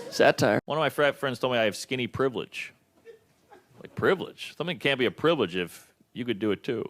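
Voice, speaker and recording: Man doing lively stand-up, crowd noise. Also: mid-range voice. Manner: quick deadpan punchlines, voicing characters. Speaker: stand-up comedian. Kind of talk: stand-up comedy set.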